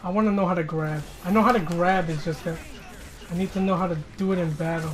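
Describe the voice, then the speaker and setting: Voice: medium pitch, fairly even intonation, fast. Cursing, rambling gamer commentating matches. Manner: frustrated, swears often, self-deprecating; rambling, restarts sentences, laughs at self. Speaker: gamer recording own online matches. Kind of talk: live gameplay commentary.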